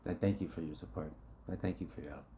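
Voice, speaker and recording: A man's voice: deep voice, fast, mellow, a little hiss or hum. A man telling a story to his supporters in a blunt, profane, impassioned monologue, acting out the dialogue. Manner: blunt and profane, acts out quotes.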